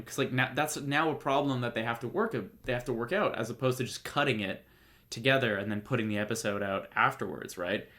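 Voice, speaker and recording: A man's voice: mid-range voice, brisk, sharp tone. A man hosting a podcast, talking casually and jokily, full of fillers and restarts. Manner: rambling, jokey, many fillers and restarts. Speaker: podcast host. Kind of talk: casual solo commentary.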